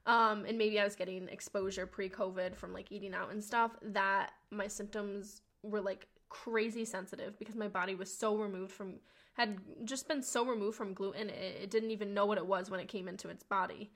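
A young adult woman hosting a podcast, telling a personal story in a chatty, slangy, animated way and swearing now and then. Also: normal speed. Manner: chatty and animated, slangy, swears, acts out quotes with big pitch jumps. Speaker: podcast host. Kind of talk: casual storytelling monologue.

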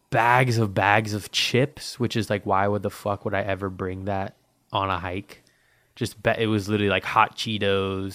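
Podcast host, man, low and dry-sounding, profane rambling delivery, parched mouth. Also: fairly bright tone, dry recording. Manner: profane, rambling, heavy with fillers. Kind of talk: casual rambling monologue.

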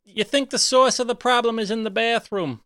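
A man's voice: extremely high pitch, moderate pace, sharp tone, clean tone, pitched above the performer's own voice. A man voicing a dotty, rambling old aunt in an improvised tabletop comedy game. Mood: chatty. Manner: rambling, odd grammar, chatty. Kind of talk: improvised tabletop role-play.

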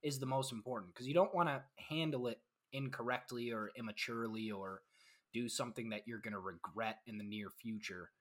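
A man's voice: mid-range voice, fairly quick, fairly bright tone. A man co-hosting a casual podcast, giving laid-back, earnest advice. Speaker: podcast co-host.

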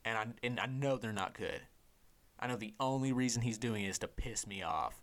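A young man, a podcast host, telling a casual, profane story with lots of energy and sometimes dropping to a hushed voice. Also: lowish voice, fairly quick. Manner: profane, animated storyteller who drops to a hushed voice for inner thoughts.

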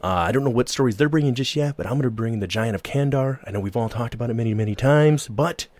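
A man's voice: medium pitch, quick pace, a little mellow, no room sound. A man chatting as a podcast guest, joking and laughing often. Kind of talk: casual podcast chat.

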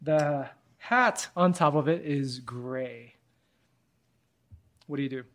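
A man's voice: on the high side, slow pace, fairly bright tone. A man running a tabletop game as game master, narrating scenes in a playful, descriptive way on a radio show with a studio microphone. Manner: descriptive, playful, laughs often.

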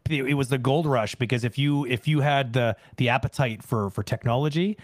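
A man's voice: medium pitch, fairly quick. A man co-hosting an interview podcast, chatting casually and chiming in with agreement and his own remarks. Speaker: podcast co-host.

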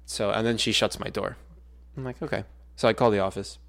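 Gravelly-voiced man telling a gross story. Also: on the low side, brisk. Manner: animated storyteller, acts out quotes loudly. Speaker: podcast co-host, schoolteacher. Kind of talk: casual storytelling chat.

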